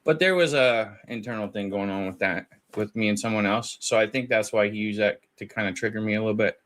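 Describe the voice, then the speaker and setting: A man's voice: lowish voice, a little fast. Man animatedly retelling a phone call. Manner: animated storytelling, acting out both sides of a conversation. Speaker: guest recounting a call. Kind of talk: casual podcast chat.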